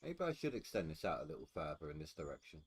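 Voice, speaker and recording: Tired male streamer, deep voice, chatty, game noise running behind. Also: quick pace. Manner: relaxed, chatty, thinking aloud. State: tired, yawning. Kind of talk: casual gameplay commentary.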